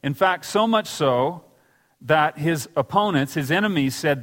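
A man's voice: on the high side, lively intonation, measured pace, fairly bright tone, long reverb tail. A man preaching a sermon in a church, telling scripture stories and acting out the quoted lines. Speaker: pastor. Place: church sanctuary.

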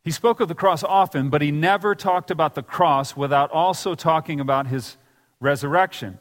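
A man's voice: on the high side, moderate pace. Man preaching in an echoing church hall. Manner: storytelling preacher, acting out quoted lines with rising intensity. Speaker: pastor. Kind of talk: sermon. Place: church sanctuary.

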